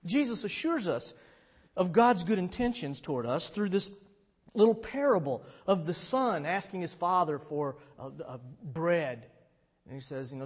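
A man preaching a sermon in a relaxed, conversational way, now and then rising to shouts as he retells a story. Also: sits high, normal speed, breathy edge. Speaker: pastor. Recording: long hall reverb.

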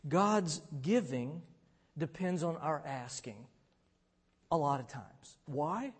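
A man preaching a sermon in a relaxed, conversational way, now and then rising to shouts as he retells a story. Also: fairly high pitch, takes it slowly, breathy edge. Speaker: pastor. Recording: long hall reverb.

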